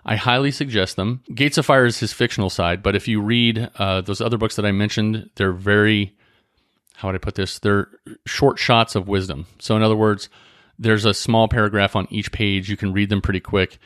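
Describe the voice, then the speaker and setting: A man with a lowish voice hosting a laid-back motivational podcast, recorded dry and close with no room sound. He talks conversationally, restarting phrases and tossing in a quick "right?" to check in with the listener. When he reads passages aloud, he slows down and takes his time. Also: fairly even intonation, a bit bright, no echo. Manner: reads book passages aloud more slowly. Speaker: podcast host. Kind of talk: casual motivational podcast talk.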